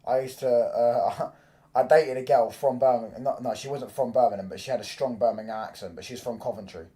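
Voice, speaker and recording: A young man, chatting casually on a football watchalong stream, swearing freely and breaking into loud reactions to the match. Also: mid-range voice, fairly quick. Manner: loose, swearing banter, reacts loudly to the match. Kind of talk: casual live-stream chat.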